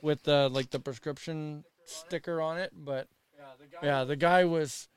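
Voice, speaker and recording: A man telling a border-crossing story in casual chat with friends, animated and swearing often. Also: fairly high pitch, a little slow.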